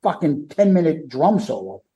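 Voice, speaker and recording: A man's voice: on the high side, sing-song, moderate pace, dark tone, highs cut off. A man co-hosting a podcast, chatting casually about a live album with blunt, profane remarks. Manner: profane, reads notes with timestamps, mimics stage banter. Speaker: podcast co-host. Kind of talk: casual music review chat.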